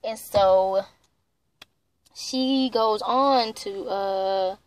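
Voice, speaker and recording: A woman's voice: mid-range voice, very slow, no echo. A young woman tells a heated, profane story in a casual vlog, full of "like". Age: young adult. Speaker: vlogger.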